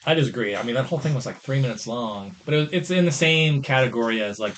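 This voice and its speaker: A man's voice: medium pitch, lively intonation, fast talker, fairly bright tone, a little hiss or hum. A young man co-hosting a podcast, chatting casually about movies in a rambling way, filling his sentences with "like". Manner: rambling, heavy use of "like". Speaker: podcast co-host.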